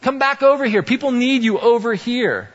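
A man's voice: very high voice, normal speed, big-room sound, highs cut off, pitched above the performer's own voice. A man voicing eager male disciples urgently pleading with their teacher to come back.

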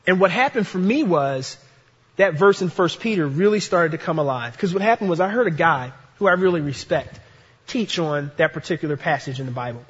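A man's voice: a little high, lively intonation, fairly quick, a bit bright, husky, in a large hall, lo-fi sound. A man preaching a sermon in an earnest way, repeating his key phrases for emphasis. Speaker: pastor.

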